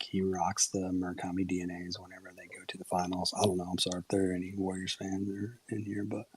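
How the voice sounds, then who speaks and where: A man talking excitedly and swearing freely in a casual live audio chat. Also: low-pitched, breathy edge. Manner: excited, profane, slangy.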